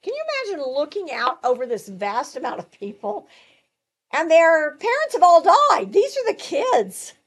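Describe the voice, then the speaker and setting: A woman leads a Bible study with a high, bright-toned voice that swings widely in pitch. She talks emphatically and casually, stopping for asides and questions to the group. Her delivery rises and falls as she presses each point. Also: moderate pace. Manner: animated, emphatic, conversational asides. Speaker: Bible teacher.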